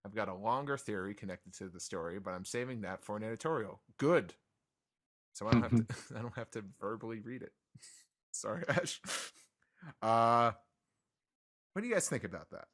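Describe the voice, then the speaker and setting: A man's voice: on the low side, expressive, normal speed, pauses often, fairly bright tone. A man hosting a podcast, chatting casually and reading listener mail with many fillers and restarts.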